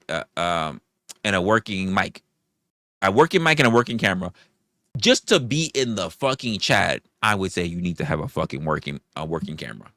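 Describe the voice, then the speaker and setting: Animated, profane livestream host ranting. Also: male voice, lowish voice, no echo, studio quality. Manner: profane, argumentative, fires rhetorical questions; reads out and thanks viewer donations. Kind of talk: live-stream commentary and rant.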